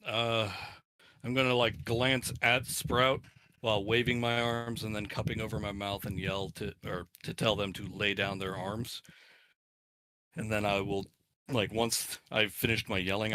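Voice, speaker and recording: A man's voice: fairly low pitch, flat delivery, measured pace, sharp tone, no echo. A man playing in a tabletop game, talking casually and hesitantly with lots of fillers. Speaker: player.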